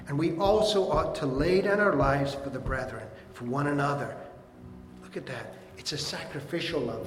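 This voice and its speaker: A middle-aged man with a slightly high voice preaches in a church, teaching earnestly and slowing down to read verses aloud. His voice rings through a roomy hall with a long reverb tail, over a faint background hum. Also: a bit bright. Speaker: pastor. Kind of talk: sermon.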